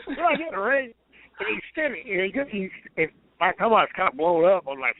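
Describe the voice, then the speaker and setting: Very animated and a little fast, a man with a high voice spins profane, wandering stories. He's a retired pro wrestler being interviewed by phone, and the casual chat comes through a tinny connection.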